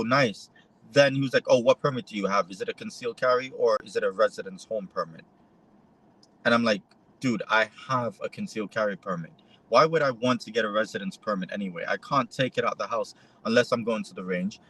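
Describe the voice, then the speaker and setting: Man telling a story in animated retelling. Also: fairly low pitch, a little fast, slightly rough, rough recording. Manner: animated retelling, voices quoted exchanges. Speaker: interview guest; photojournalist. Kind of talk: conversational storytelling.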